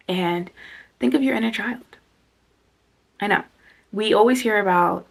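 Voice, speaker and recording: A woman hosting a self-help video, talking casually as she guides a reflection, chatty and self-interrupting, sometimes dropping to a soft near-whisper. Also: mid-range voice, a little slow, gravelly, pauses often.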